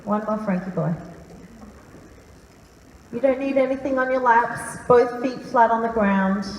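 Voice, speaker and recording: A woman calmly guiding a live audience through a breathing meditation in a large hall, speaking slowly and soothingly. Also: on the high side, a little hiss or hum. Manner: calm, slow and soothing. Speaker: workshop leader. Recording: roomy hall reverb, faint ambience.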